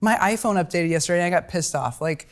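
A woman's voice: fairly low pitch, fast talker. A woman guest on a podcast telling a story casually and animatedly, acting out the people she quotes.

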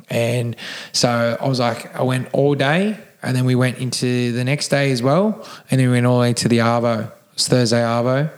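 An Australian man, a podcast guest, telling his story in a casual rambling way, with many restarts and swearing, emotional and close to tears. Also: mid-range voice.

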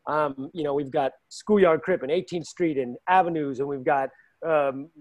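Man, high voice, animated storyteller, coach in a casual panel chat. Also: moderate pace. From Los Angeles. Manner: animated, acts out quotes with raised pitch. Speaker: fight coach and show regular.

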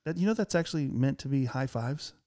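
A man hosting a casual studio chat, talking in a lively, jokey way and acting out bits of his stories. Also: medium pitch, a little fast, background noise. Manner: animated, jokey, acts out voices in stories. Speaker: podcast host. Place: office studio. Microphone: studio mic with headphones.

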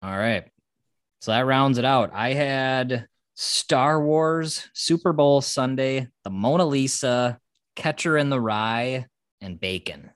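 Young man, podcast co-host, relaxed and wry, mid pitch, dry close recording. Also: slow pace, dry recording. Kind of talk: casual chat.

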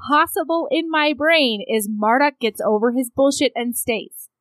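A woman's voice: high voice, measured pace, a bit bright, dry recording, poor audio. A woman co-hosting a podcast, chatting casually about a book, frank and profane, laughing often. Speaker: podcast co-host.

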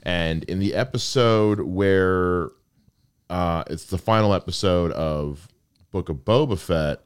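A man's voice: low-pitched, takes it slowly, clear, resonant tone. A man co-hosting a podcast, chatting casually with a lot of swearing and laughter, and reading an ad. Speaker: podcast co-host. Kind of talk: casual podcast chat and ad read.

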